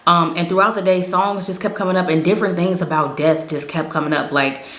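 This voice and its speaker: A woman's voice: on the low side, fairly even intonation, brisk, fairly bright tone. A woman giving a casual, emotional spoken testimony as a prophetic vlogger, earnest and rambling with many fillers. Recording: echoey room.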